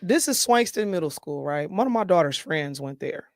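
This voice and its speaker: A man co-hosting a casual talk show, animated and slangy, swearing freely as he talks. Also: on the high side, moderate pace, gravelly, no echo, clean studio sound. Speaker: co-host. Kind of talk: casual chat.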